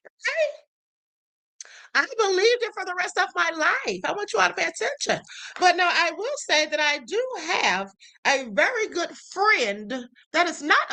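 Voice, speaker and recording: A woman's voice: very high voice, sharp tone, poor audio. A woman hosting a livestream, commenting on viral clips with emphatic asides to her viewers. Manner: emphatic, keeps asking the audience to pay attention. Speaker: livestream host.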